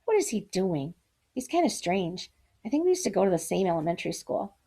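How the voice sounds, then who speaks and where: A woman's voice: mid-range voice, very animated, a little fast, warm tone, husky. A woman voicing a popular, scornful teen girl who taunts a classmate. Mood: muttering. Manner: sneering, taunting.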